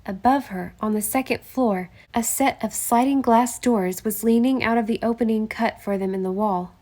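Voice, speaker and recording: A woman's voice: a little high, moderate pace. A woman narrating a mystery novel chapter as an audiobook reader. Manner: steady storytelling. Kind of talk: scripted narration.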